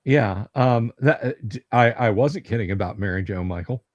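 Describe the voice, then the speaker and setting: A man from the American South hosts a loose livestream conversation, trailing off and restarting his sentences. He tells stories with wry joking asides. His voice sits at an everyday pitch and sounds dry and close. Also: no echo, dull audio. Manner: rambling, halting with repeated words and joking asides. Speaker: livestream host. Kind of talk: casual livestream chat.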